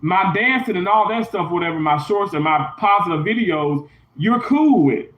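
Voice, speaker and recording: High-voiced man venting in a hotel room. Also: expressive, moderate pace, a bit bright. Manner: emphatic, repetitive, indignant venting. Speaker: YouTuber livestreaming. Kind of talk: venting vlog livestream. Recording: roomy, dull lo-fi sound.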